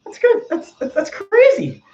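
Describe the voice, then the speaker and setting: A man's voice: very high voice, huge pitch swings, measured pace, mellow, a little hiss or hum, exaggerated voice. A man putting on the voice of Morty, a nervous, stammering fifteen-year-old boy, while hosting a livestream chat. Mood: scared. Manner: stammering, repeating "oh geez" and "oh boy". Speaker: livestream host. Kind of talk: live-stream character chat. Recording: echoey room, dull lo-fi sound.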